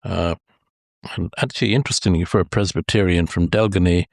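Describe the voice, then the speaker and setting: Older Irish guest, deep-voiced, spins long hesitant anecdotes. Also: male voice, fairly even intonation, fairly quick, vocal fry, no echo, studio quality. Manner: rambling, many hesitations, chuckles at his own stories. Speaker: golf historian guest. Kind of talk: anecdotal storytelling interview.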